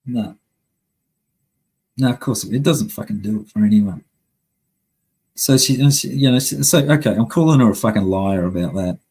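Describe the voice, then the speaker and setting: A man's voice: lowish voice, moderate pace, long pauses, darkish tone, slightly rough, low-quality recording. A man hosting a live stream, ranting angrily at his chat with constant swearing. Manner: heavy swearing, angry and blunt. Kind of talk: casual live-stream rant.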